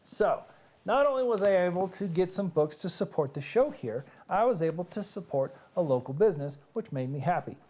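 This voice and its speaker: A man's voice: high-pitched, expressive, a little fast, mellow. A man hosting a live-streamed reading show, chatting casually and joking straight to his viewers. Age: adult with nieces and nephews who have babies.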